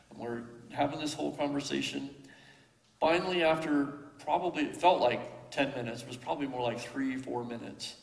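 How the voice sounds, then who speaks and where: A middle-aged man with a gravelly edge to his voice tells a personal story, halting and reflective, full of "uh"s and restarts. His voice rings through a roomy hall with a long, lingering reverb. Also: medium pitch. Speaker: father telling a personal story.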